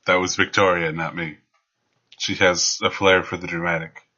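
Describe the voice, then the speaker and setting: A man voicing a dry-witted male paladin knight with a deadpan, matter-of-fact delivery, in a tabletop game. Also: low voice, normal speed, breathy edge, exaggerated voice. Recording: lo-fi dull recording.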